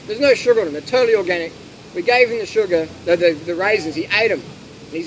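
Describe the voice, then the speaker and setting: A man giving blunt, animated answers and stories to an audience in a casual Q&A at an outdoor gathering. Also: high-pitched, fast talker. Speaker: speaker answering audience questions. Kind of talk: casual Q&A talk with anecdotes. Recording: noisy outdoor ambience with traffic.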